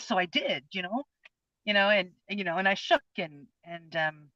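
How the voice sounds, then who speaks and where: With lively intonation and a moderate pace, a woman in her fifties co-hosts a casual chat and recounts a personal experience earnestly and from the heart. Her medium-pitched voice is fairly bright with no echo, captured in a dull, dry lo-fi recording.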